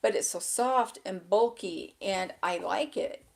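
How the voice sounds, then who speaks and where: A woman's voice: medium pitch, a little slow, vocal fry. A woman vlogging at home in a casual, rambling way, losing her train of thought and laughing at herself, her voice a bit crackly. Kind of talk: casual chat to camera. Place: indoors at a table with a laptop. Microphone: small handheld microphone.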